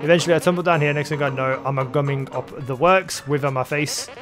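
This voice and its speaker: A man doing a clumsy, cheerful video game plumber with a goofy mock Italian accent, whiny, hammy and pitched up high. Soft background music runs beneath the voice. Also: fairly quick, close to an everyday voice. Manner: hammy and whiny, higher than his own voice.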